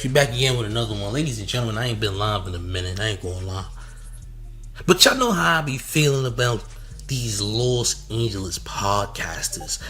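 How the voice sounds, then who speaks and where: A man's voice: mid-range voice, bright, forceful tone. A man hosting a streamed commentary show, speaking in a mocking, trash-talking way.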